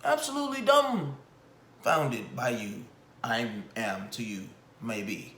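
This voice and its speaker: A young adult man giving casual commentary in an animated, exasperated, mocking way. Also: medium pitch, slow pace, a little hiss or hum. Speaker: commentary vlogger. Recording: echoey room.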